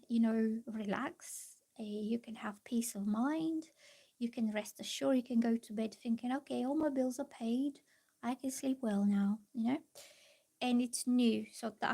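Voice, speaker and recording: Chatty higher-voiced woman tarot reader. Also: warm tone. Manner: chatty, reassuring, rambling with fillers. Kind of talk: live-stream tarot reading.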